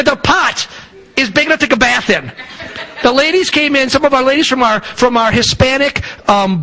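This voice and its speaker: High bright guy pastor, rambly church announcements with lots of restarts. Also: rough recording. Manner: rambling, warm-hearted with frequent restarts and fillers. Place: church sanctuary.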